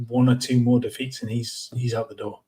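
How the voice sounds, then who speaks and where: Man, football podcast co-host, blunt, measured, monotone delivery. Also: mid-range voice, noisy background. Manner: blunt, measured opinions with restarts. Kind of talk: casual football podcast chat.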